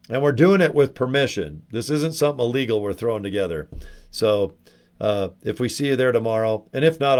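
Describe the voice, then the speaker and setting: Middle-aged man, lowish voice, rambling livestream chat, greets viewers by name, slightly worn voice. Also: a little mellow. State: losing his voice. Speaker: livestream host.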